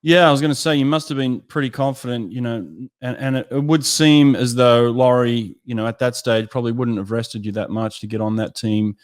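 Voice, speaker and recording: A man's voice: mid-range voice, steady tone, fairly quick, hardly any pauses. Conversational male interview host. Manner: conversational, leading questions with "you know" and "right". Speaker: podcast host, former Olympic swimmer. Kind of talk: casual interview.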